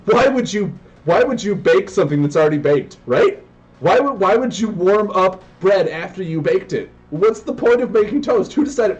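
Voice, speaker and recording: Excitable male card game streamer, higher voice, yells and rambles; dull stream audio. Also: normal speed. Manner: excitable, yells in bursts, goes on tangents. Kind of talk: live gameplay commentary.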